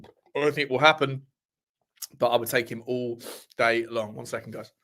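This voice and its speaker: A man's voice: mid-range voice, fairly even intonation, normal speed, bright, forceful tone. A man hosting a football fan livestream, reading articles aloud with cheeky asides and repeating his phrases. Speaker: host of a football fan show. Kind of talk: casual livestream chat reading transfer news.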